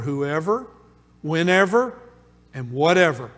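A man's voice: on the high side, lively intonation, a little slow. A male pastor preaching a sermon in a church, repeating key phrases with emphatic rhythm. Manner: emphatic, repetitive preaching cadence. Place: church sanctuary. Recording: long hall reverb.

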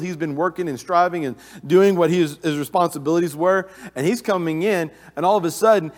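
A man preaching a sermon in an earnest manner, often restarting his sentences with filler uhs. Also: fairly high pitch. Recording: long reverb of a large hall.

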